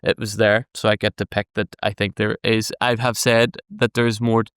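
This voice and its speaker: Smooth-voiced male podcast co-host. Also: lowish voice, little pitch movement, moderate pace, fairly bright tone, no room sound, studio quality. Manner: conversational, emphatic, swears casually. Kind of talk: casual reaction podcast chat.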